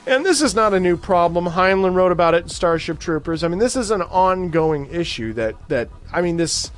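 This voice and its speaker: A man's voice: high-pitched, expressive, brisk. A man hosting a podcast, ranting in a casual, profane and sarcastic way. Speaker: podcast host.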